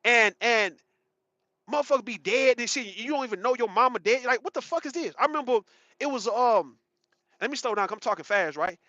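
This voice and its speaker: A man's voice: very high voice, lively intonation, a little fast, bright, forceful tone, no room sound. A man in his thirties giving a rambling, profane, emphatic casual commentary monologue, often repeating himself. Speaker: commentary channel host. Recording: dull, muffled sound.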